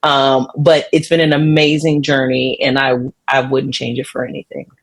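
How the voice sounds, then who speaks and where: A woman's voice: rumbling low, level tone, normal speed. A middle-aged woman speaking as an interview guest, earnest and heartfelt as she reflects on her life. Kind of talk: casual interview.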